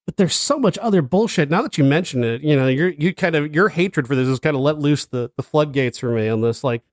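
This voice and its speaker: A man's voice: on the high side, a little fast, no echo, clean studio sound. A man co-hosting a film review podcast, chatting bluntly and in an exasperated way, often laughing. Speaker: podcast co-host, film critic. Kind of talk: casual chat.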